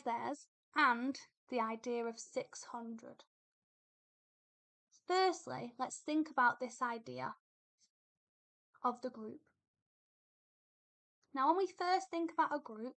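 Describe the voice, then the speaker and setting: A woman's voice: fairly high pitch, sharp tone. A woman teaching a poetry lesson, explaining patiently and thinking aloud with fillers and repeated phrases. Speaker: English literature teacher.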